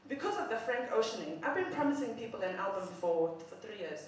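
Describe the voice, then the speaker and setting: Animated woman in echoey room. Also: medium pitch, a little fast, a little hiss or hum. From South Africa. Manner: animated, self-mocking, laughs while talking. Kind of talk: comic personal storytelling. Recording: very echoey room, mic far off.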